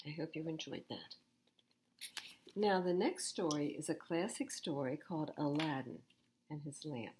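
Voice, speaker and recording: A woman's voice: low voice, a little mellow, a little hiss or hum. A woman reading picture books aloud to children at storytime, expressively and with asides to the listeners. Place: public library.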